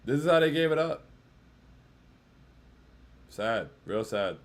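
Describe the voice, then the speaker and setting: A man's voice: medium pitch, very animated, slow. A man hosting a casual postgame livestream, sounding dejected, saying "bro" a lot and reading chat comments aloud. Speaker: livestream host.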